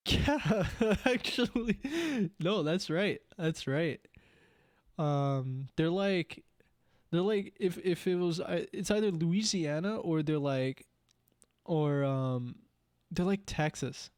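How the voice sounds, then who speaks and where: A man's voice: fairly high pitch, slow, darkish tone, clean tone, no room sound, studio quality. A young man co-hosting a podcast in casual chat, rambling with many "like"s and "you know"s. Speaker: podcast co-host.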